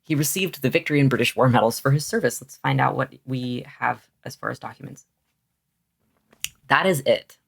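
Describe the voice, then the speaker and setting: A man's voice: mid-range voice, moderate pace, gravelly. A man hosting a history channel, chatting casually and thinking aloud with fillers and restarts as he explains things.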